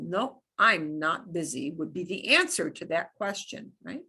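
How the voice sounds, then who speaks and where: A woman's voice: mid-range voice, sing-song, a little slow, few pauses, pushed and bright, breathy edge. A woman teaching a beginners' Spanish class, explaining patiently with examples and repetition. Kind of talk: classroom lesson.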